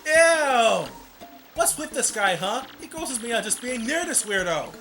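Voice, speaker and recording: A man voicing a sassy young female goomba with a loud, sharp, squealing delivery over game music. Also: mid-range voice, very animated, a little slow, pitched above the performer's own voice. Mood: disgusted. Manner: loud, disgusted, sharp-tongued. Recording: game music playing behind.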